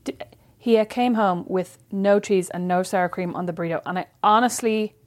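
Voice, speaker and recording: A woman's voice: medium pitch, moderate pace. A woman in casual podcast chat with a mid-range voice. She tells her stories frankly and expressively, and she swears easily as she talks. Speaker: podcast co-host.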